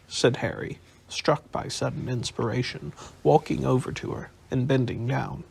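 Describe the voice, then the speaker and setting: A man reads an audiobook aloud at a slow, bedtime pace in a husky voice. His tone has a gravelly edge, and his pitch moves a lot as he reads. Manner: calm, unhurried reading. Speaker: audiobook narrator.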